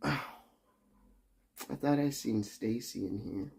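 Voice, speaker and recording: A man's voice: medium pitch, slow pace, vocal fry, a little mellow, slightly rough. A young adult man livestreaming, chatting with his viewers in a teasing, profane, joking way. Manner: profane, teasing banter with frequent laughs. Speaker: livestreamer reading chat. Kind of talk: casual livestream chat.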